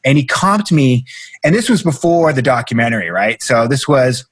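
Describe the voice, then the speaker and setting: Man from Boston, talk guest, lively anecdotes with the odd curse, mid-pitched and dry. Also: moderate pace, slightly rough, no room sound. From Boston area, USA. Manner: animated storyteller, swears freely. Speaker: guest, breathwork coach. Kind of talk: casual storytelling interview.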